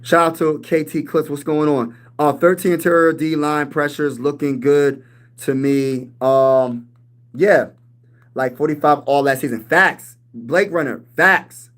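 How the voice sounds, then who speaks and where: Sports stream host, male, 30s, slightly high voice, hyped slangy chat-reading delivery. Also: fairly even intonation, measured pace. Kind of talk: casual live-stream sports talk.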